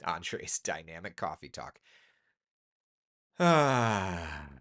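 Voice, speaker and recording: A man's voice: big pitch swings, drawn-out words, a bit bright. A man hosting a casual live chat as a meteorologist, reading viewer comments and giving opinions. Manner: pitch swings up sharply when making a point.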